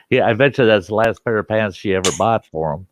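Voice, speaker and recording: A man's voice: on the low side, brisk, slight background noise. A man hosting a campfire show, telling a funny story and laughing often. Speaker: host.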